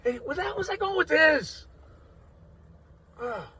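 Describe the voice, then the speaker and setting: A man in a rambling, profane monologue that veers from low mutters to loud outbursts, recorded dull and from a distance. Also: big pitch swings, unhurried, a little hiss or hum. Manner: coarse and profane. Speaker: vlogger.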